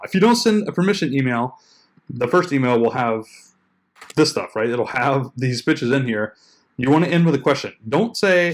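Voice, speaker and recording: A man's voice: medium pitch, brisk. A man coaching bloggers in a loose, conversational way, with lots of likes and uhs, playing out the emails he quotes. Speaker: blogging coach and podcast host. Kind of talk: casual tutorial talk.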